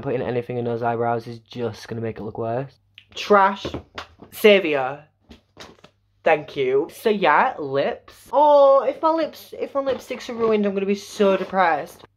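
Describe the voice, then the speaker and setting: A young man from Yorkshire with a Yorkshire accent, chatting casually and going off on tangents in a home makeup vlog. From Yorkshire, England. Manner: chatty and tangential, with sudden high exclamations. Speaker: vlogger. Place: home bedroom.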